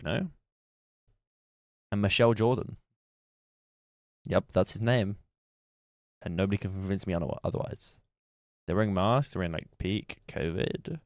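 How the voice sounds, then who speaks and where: A man's voice: fairly low pitch, normal speed, long pauses, no room sound, clean studio sound. A man streaming live, chatting casually and thinking aloud as he works through a guessing game. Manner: musing aloud while playing a guessing game. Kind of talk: casual livestream chat.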